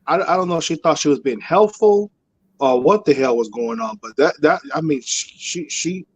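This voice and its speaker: A man's voice: fairly high pitch, lively intonation, slightly rough. A man from Chicago calling in to a live show, chatting casually and hesitantly. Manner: hesitant, halting. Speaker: caller. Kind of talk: casual call-in chat.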